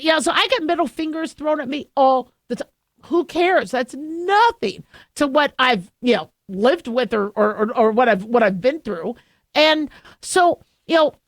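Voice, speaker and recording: A middle-aged woman hosting a radio talk show, chatting in a rambling, animated way with many fillers and restarts. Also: on the high side, dry recording, studio quality. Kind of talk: casual radio monologue. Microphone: studio microphone.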